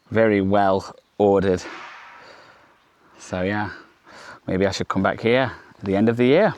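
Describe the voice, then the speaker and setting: A man walking a forest trail and narrating his travel vlog in a loose, rambling way, hot and sweaty from the climb. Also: fairly low pitch. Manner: rambling, chatty, lots of "so yeah" fillers. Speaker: travel vlogger.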